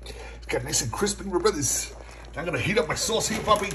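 A man filming a casual cooking and tasting vlog on his phone in a home kitchen. He is excitable and laughs often, and keeps calling his viewers brothers and puppy. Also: high voice, brisk. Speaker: food vlogger. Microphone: phone camera. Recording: noisy kitchen with frying. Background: food frying.

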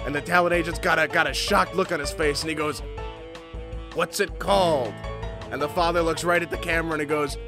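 A man's voice: a little high, fairly even intonation, fairly quick, music in the background. A man playing a tabletop game, telling a long bawdy joke in character and laughing. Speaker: player.

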